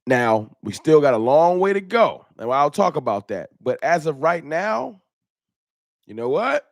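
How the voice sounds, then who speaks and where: Animated man hosting a live fan stream. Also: a little high, unhurried, creaky, no echo, clean studio sound. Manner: animated, greets chatters by name, slangy. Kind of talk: casual live-stream chat.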